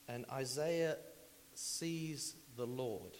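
A man preaching a sermon in a church, conversational and animated, with asides and repeated phrases. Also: medium pitch, a little slow. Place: church sanctuary. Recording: faint hiss, long hall reverb.

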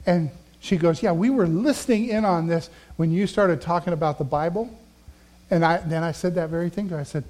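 High-voiced man preaching a sermon. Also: a little fast. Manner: conversational, swings between loud emphasis and quiet asides. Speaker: pastor. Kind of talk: sermon with personal stories.

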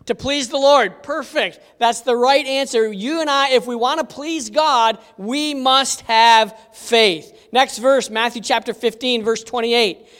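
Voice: mid-range voice, unhurried, hardly any pauses, fairly bright tone. A Bible teacher giving an interactive lesson, telling stories with animation and asking the audience questions. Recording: long hall reverb.

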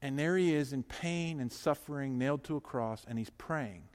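A man preaching a sermon, swinging between hushed, slow lines and loud, urgent ones. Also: mid-range voice, in a large hall.

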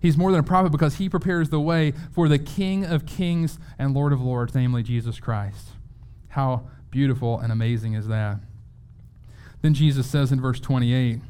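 A man preaching a sermon in an earnest, conversational way, often restarting his words and slowing down to read scripture aloud. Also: medium pitch, fairly even intonation, mellow, clear, resonant tone. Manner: reads scripture aloud slowly. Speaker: pastor.

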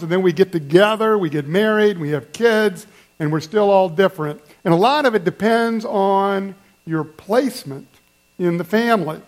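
A man with a fairly high voice delivers a sermon. He is conversational and playful, asking his listeners questions and getting them to join in. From German family background. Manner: conversational, playful, addresses the congregation directly. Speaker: pastor.

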